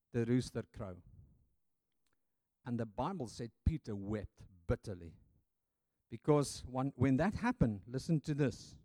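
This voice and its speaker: A man's voice: a little high, a little mellow, no room sound. A man preaching a sermon, reading scripture aloud with dramatic emphasis.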